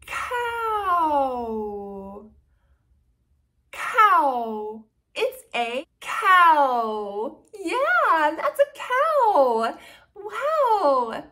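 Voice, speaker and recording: A woman hosting a toddler learning video, speaking slowly and sounding out words in an exaggerated teaching manner. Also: very high voice, very animated, bright, forceful tone. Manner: slow, exaggerated, sing-song teaching to toddlers. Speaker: children's educational video host. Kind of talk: toddler speech lesson.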